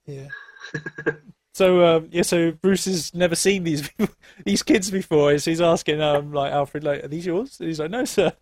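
A chatty man talks through a film's plot in a casual podcast, laughing between lines. His voice sits a little high for a man and sounds dry and close to the mic, with no room around it. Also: fairly even intonation, normal speed, darkish tone, no room sound. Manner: chatty, laughs often, many fillers. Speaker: podcast co-host. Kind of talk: casual film discussion.

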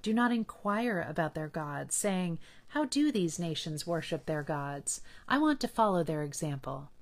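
A woman reading Bible passages aloud in a measured, earnest manner. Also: on the low side, big pitch swings. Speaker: scripture reader.

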